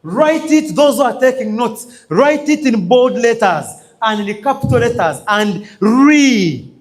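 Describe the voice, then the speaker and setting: A Ugandan man gives a motivational business training to a live audience. His voice sits high and swings widely as he hammers points home. He repeats himself and fires questions for the crowd to answer. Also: expressive, unhurried. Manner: emphatic, repetitive, calls out questions for the audience to answer.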